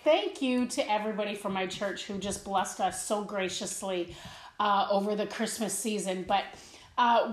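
A woman's voice: a little high, roomy sound. A middle-aged woman hosting a casual devotional live stream from home, chatty and laughing, with many fillers. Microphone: camera at home, seated.

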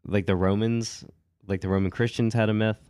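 A man co-hosting a podcast with a cold, telling stories in a relaxed chatty way with lots of "like" and small laughs. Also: fairly low pitch, brisk, smooth, dry recording, studio quality. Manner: relaxed storytelling with frequent "like" and laughs. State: has a cold. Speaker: podcast co-host. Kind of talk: casual chat.

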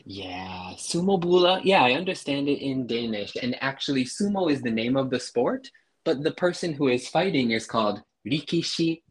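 A man's voice: mid-range voice, expressive, normal speed. A man, a podcast guest, explaining things patiently and easygoing in casual chat. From USA.

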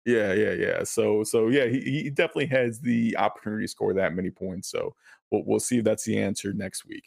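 A man's voice: lowish voice, fairly quick, vocal fry, no room sound, studio quality. A man from Chicago co-hosting a podcast, talking sports with enthusiasm and frequent restarts. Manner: enthusiastic, repeats words when excited. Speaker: podcast co-host. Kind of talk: casual sports chat.

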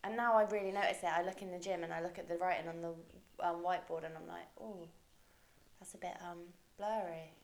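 A young woman co-hosting a podcast, easygoing and quick to react in a casual chat. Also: lowish voice, little pitch movement, gravelly. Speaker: podcast co-host. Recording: echoey room.

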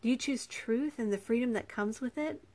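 A woman voicing a gentle, persuasive male prince in an audiobook, speaking softly and patiently. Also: fairly high pitch, normal speed, voice pushed up, natural voice. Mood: calm, persuasive. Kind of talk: audiobook character reading.

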